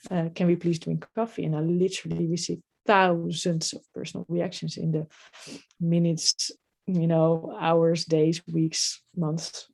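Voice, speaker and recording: On a podcast interview, a Dutch-accented, middle-aged female guest talks in a thoughtful, halting way, filling her speech with lots of fillers. She has a rather low, creaky voice with a slightly mellow quality.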